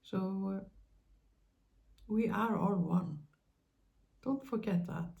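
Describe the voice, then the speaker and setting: A woman hosting her own spiritual channel, speaking in a gentle, halting monologue with many pauses and fillers, offering tender reassurance to her listeners. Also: mid-range voice, creaky.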